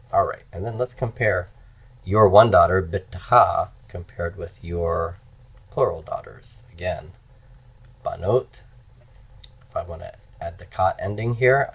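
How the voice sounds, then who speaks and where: A man teaching grammar in a slow, explanatory lecture, repeating key forms as he goes. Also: low-pitched. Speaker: Hebrew teacher. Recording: dull lo-fi lecture recording.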